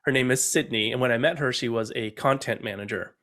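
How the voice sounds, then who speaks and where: A man's voice: mid-range voice, quick pace, pushed and bright. A middle-aged man giving an upbeat online talk on innovation, asking his listeners direct questions. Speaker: innovation speaker.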